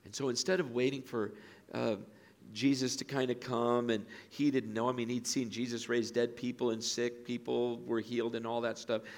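Middle-aged guy pastor preaching in an auditorium, animated, acts out the voices in his story. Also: mid-range voice, moderate pace. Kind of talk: sermon.

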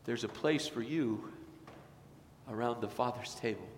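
A male pastor preaches with earnest, tender warmth at an ordinary mid pitch. His voice carries through a church sanctuary with a long, roomy reverb and a faint background hum. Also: a little slow. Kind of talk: sermon. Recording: echoey church hall, faint noise.

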